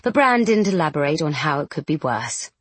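Husky-voiced woman narrating a story. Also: low-pitched. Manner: measured, expressive reading. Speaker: audiobook narrator. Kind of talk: scripted narration.

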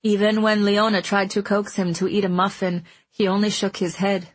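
A woman narrating a children's fantasy audiobook in a gentle, measured storytelling manner. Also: mid-range voice, level tone, breathy edge. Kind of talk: scripted narration.

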